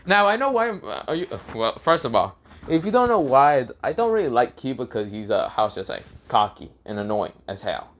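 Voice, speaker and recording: A man spinning an improvised fan story, his pitch swinging widely as he narrates. He curses freely and laughs at his own jokes, with a loose, offhand delivery. His voice sits at an ordinary middle pitch. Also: fairly quick. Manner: animated, swearing, laughing often.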